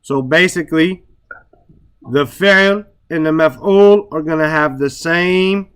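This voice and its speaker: A man teaching Arabic grammar in a relaxed way, stressing words for emphasis and often checking in with "right?". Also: on the high side, slow, clear, resonant tone. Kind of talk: relaxed classroom explanation.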